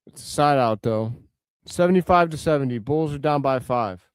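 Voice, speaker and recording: Smooth-voiced man calling a game live. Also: mid-range voice, moderate pace, no echo. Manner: casual, chatty play-by-play answering viewers' comments; excitable outbursts over big plays. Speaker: live stream host. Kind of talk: live watch-along game commentary.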